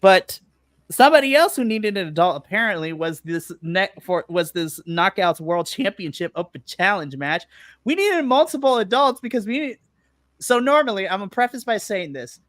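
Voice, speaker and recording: A podcast co-host on a remote live stream, talking through a casual recap. The voice sits at a middling pitch and is recorded dry and close. They chat easily, laugh often and act out their own reactions. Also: very animated, moderate pace, a bit bright, dry recording.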